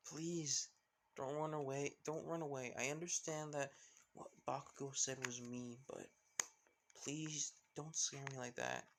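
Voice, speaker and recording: A man voicing a gentle, worried mother in a fan story, barely changing his voice. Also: medium pitch, steady tone, a little slow, noisy background, lightly acted. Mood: pleading.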